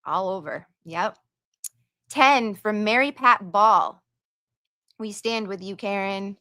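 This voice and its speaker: Bright, slow-talking woman streamer. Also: medium pitch, dry recording, studio quality. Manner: chatty, reads viewer messages aloud with asides. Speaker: livestream host reading donations. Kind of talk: casual livestream chat.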